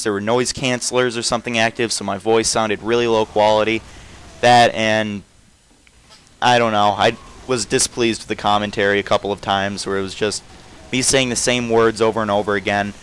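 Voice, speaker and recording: A man's voice: fairly low pitch, a bit bright, smooth, poor audio. A young man giving casual, rambling commentary over a video game, often stopping and restarting his thoughts. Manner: rambling, self-interrupting, trails off often. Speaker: gameplay commentator.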